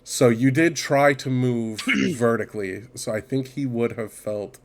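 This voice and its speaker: A man's voice: mid-range voice, measured pace. A man running a tabletop game as game master, joking and swearing casually. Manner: relaxed and joking, swears and laughs.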